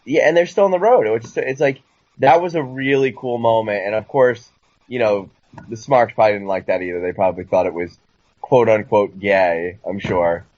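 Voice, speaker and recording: A lower-pitched man rambles excitedly through a casual podcast chat. The sound is dull and lo-fi, dry and close with no room around it. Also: normal speed, dry recording. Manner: rambling, excitable, mocking high-pitched impressions. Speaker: podcast co-host.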